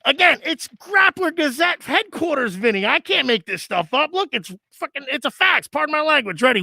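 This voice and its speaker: High-voiced gravelly joking man. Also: big pitch swings, moderate pace, hardly any pauses, sharp tone, dry recording, studio quality. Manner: joking, rambling, self-interrupting. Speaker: co-host. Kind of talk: casual podcast banter.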